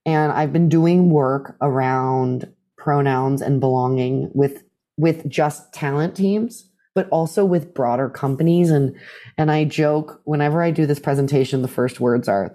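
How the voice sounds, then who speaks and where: An interview guest with a mid-range voice tells stories at an unhurried pace, animatedly acting out the voices of the people he quotes.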